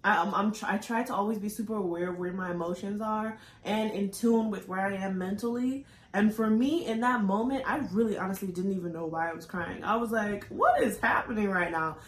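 A woman talks openly on a podcast, her voice tearful and searching, often restarting her thoughts. Her pitch sits in an ordinary middle range. The sound carries a noticeable roomy echo. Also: brisk, hardly any pauses. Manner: open, searching, with frequent fillers and restarts. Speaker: podcast co-host. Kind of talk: candid emotional podcast talk.

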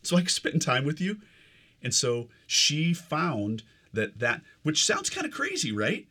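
A man's voice: fairly high pitch, wildly swooping pitch, a little slow, sharp tone. A man hosting a casual podcast, enthusiastic and affirming, stretching out his phrases. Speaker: podcast host.

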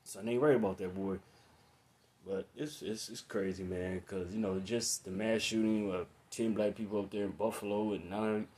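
A man's voice: fairly low pitch, steady tone, moderate pace, darkish tone. A man, talking in a casual, profane monologue, blunt and opinionated and full of strong swearing. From United States. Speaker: commentator.

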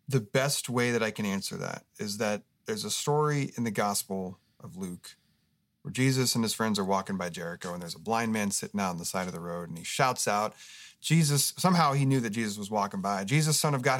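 A man's voice: on the low side, a little fast, fairly bright tone, no room sound. A man as a guest pastor in a podcast interview, telling a story earnestly and with animation. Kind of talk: casual interview talk.

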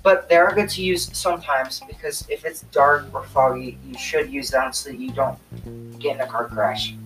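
A man's voice: mid-range voice, normal speed, a bit bright. A young man co-hosting a casual chat, giggly and rambling, recorded from a distance with faint guitar music behind. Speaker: co-host.

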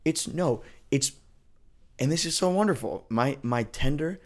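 A man's voice: mid-range voice, expressive, measured pace. A man co-hosting a faith podcast, talking in earnest, loose casual chat and often checking in with "right?". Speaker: podcast co-host.

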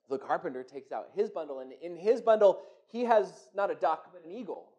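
A man telling a folk tale aloud, animated and often repeating words as he goes. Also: high-pitched, brisk, few pauses. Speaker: storyteller. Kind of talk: oral storytelling.

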